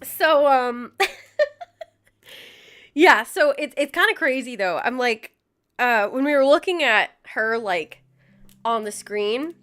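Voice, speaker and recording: A woman's voice: on the high side, a bit bright, smooth. A young woman hosting a livestream, chatting casually and giggling as she greets viewers by name. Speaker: livestream host. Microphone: desk mic with headphones.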